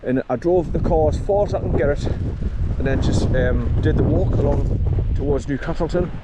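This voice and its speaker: Chatty man, windy outdoors. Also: on the high side. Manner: chatty, talks to his dog between remarks. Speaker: vlogger. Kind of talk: casual walking vlog. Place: outdoors in windy, drizzly forest. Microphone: camera on chest harness. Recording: strong wind noise on mic. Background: wind and rushing water.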